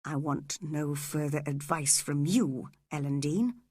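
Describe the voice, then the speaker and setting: Stern, cold gentleman husband, read by a woman narrator; clipped, slow, slightly husky. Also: mid-range voice, expressive, no room sound, clean studio sound, full character voice.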